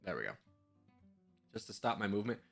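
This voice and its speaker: A man streaming live, talking through his guesses out loud in a loose, self-mocking way. His voice is bright and forward, and his pitch jumps around a lot. Soft music plays faintly underneath. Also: big pitch swings, fairly quick, gravelly. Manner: thinks aloud, chatty, self-mocking. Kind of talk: casual live-stream commentary.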